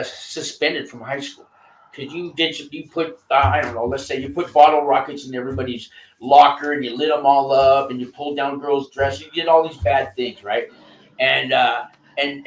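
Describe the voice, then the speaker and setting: A man hosting a casual chat, giving rambling advice with many halting restarts and fillers. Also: medium pitch, roomy sound, a little hiss or hum, low-quality recording. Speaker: host coaching a guest.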